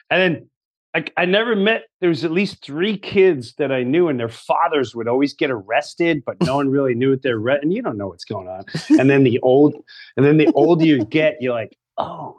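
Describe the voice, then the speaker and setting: A man's voice: a little high, normal speed. A middle-aged man, a guest comedian, telling stories in casual chat, swearing and acting out voices of the people in them. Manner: animated, swears, acts out quoted voices.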